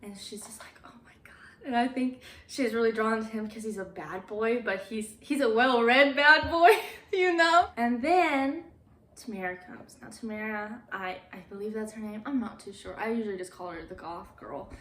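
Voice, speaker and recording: A woman's voice: fairly high pitch, normal speed, a little hiss or hum. Casual young female vlogger recapping a film, giggly, roomy echo. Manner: chatty, laughs often, quotes characters in hushed voices.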